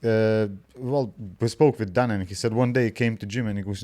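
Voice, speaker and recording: A man's voice: fairly low pitch, fairly even intonation, brisk, hardly any pauses, dark tone. A man co-hosting a podcast, easygoing and asking questions. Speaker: podcast co-host. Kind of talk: casual podcast chat.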